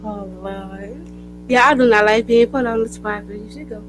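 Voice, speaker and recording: A woman's voice: fairly high pitch, moderate pace. Bashful woman co-host, music behind. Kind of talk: casual live podcast chat.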